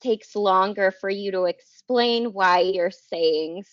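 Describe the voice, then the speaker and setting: A woman's voice: medium pitch, takes it slowly, no room sound. Woman, psychologist guest, reflective and explaining, dry close sound, slightly muffled lo-fi. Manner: reflective, explanatory, often adds "right?". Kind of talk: casual podcast conversation.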